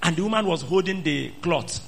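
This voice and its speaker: A man's voice: fairly high pitch, lively intonation, a little fast, gravelly, a bit bright. A man preaching an emphatic sermon, repeating phrases and questioning the congregation. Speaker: pastor.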